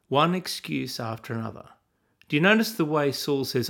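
A man's voice: on the high side, animated, moderate pace, gravelly, a bit bright. A man teaching from the Bible in a sermon style, earnest and asking his listeners questions.

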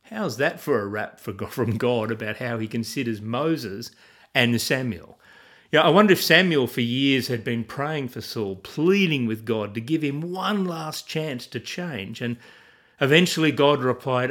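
A man's voice: mid-range voice, lively intonation, measured pace, fairly bright tone. A man teaching from the Bible in a sermon style, earnest and asking his listeners questions.

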